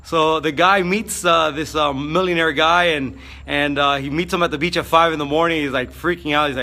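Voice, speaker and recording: A man giving an energetic motivational vlog talk, fired up, with frequent fillers. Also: a little high, brisk. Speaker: motivational speaker.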